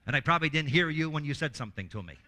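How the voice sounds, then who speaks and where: Bright, animated man teaching a workshop. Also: a little high, rapid-fire. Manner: lively, acts out quoted voices, often restarts words. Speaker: workshop presenter. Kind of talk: animated teaching talk with humor.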